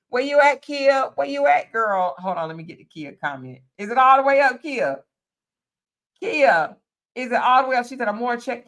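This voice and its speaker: A woman's voice: medium pitch, a bit bright. A woman hosting a casual live stream, reading out viewer comments, teasing and laughing as she talks straight to her viewers.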